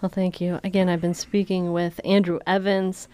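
A woman's voice: on the low side, level tone, moderate pace, mellow. A woman hosting a radio interview in a conversational way, with some hesitant fillers. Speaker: radio host.

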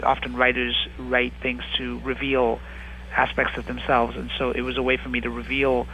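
A man in his thirties speaks in a relaxed interview, his voice gravelly yet bright and pushing forward. He searches for words as he goes, with frequent restarts and small fillers. The delivery is thoughtful and conversational. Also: mid-range voice, moderate pace, poor audio. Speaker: actor and writer, interview guest.

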